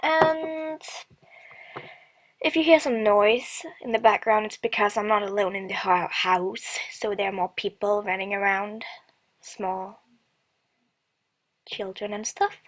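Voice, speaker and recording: A woman's voice: mid-range voice, takes it slowly, pauses often, low-quality recording. A woman hosting a let's play from a computer mic at home, chatting casually, giggling and reading the game's text aloud. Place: house with family around. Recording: music playing behind.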